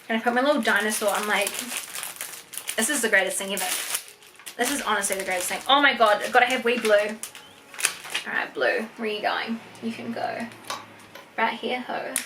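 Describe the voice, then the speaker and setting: A young New Zealand woman unboxing a gift box in a vlog, gushing and excitable, gasping and squealing over each item. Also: a little high, a little fast, pauses often, noisy background. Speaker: YouTuber.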